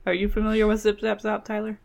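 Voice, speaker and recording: A woman's voice: medium pitch, completely flat delivery, fast, gravelly, a little mellow. A woman hosting a comedy podcast who retells a fairy tale in a casual, playful, digressive way. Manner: playful, digressive, laughs often.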